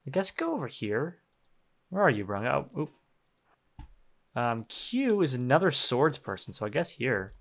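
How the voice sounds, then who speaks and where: A man's voice: mid-range voice, normal speed, gravelly, pauses often. A young man casually commenting on his own gameplay, swearing freely, laughing often and getting worked up. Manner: profane, excitable, laughs often. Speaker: game streamer.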